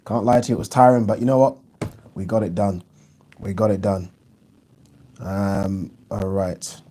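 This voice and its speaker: A man's voice: lowish voice, steady tone, unhurried, warm tone, slight background noise. A man hosting a live boxing review, giving blunt opinions and answering viewer questions in casual, restart-filled talk. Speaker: boxing channel host.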